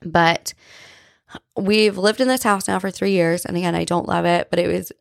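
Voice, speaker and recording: A woman's voice: fairly low pitch, fairly even intonation, normal speed, gravelly, no room sound, clean studio sound. A woman hosting a podcast in casual faith talk, chatty and earnest, often asking "right?" and saying "like". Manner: earnest, confessional. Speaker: podcast host.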